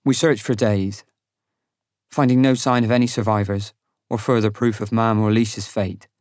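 A man narrating a fantasy audiobook in the first person, with a measured, sombre reading on a close studio mic. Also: lowish voice, fairly even intonation, darkish tone, dry recording.

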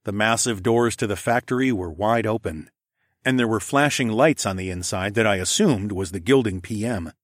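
Man, audiobook narrator, low voice, steady first-person reading, dry sound. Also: normal speed, no room sound. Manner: steady, even storytelling.

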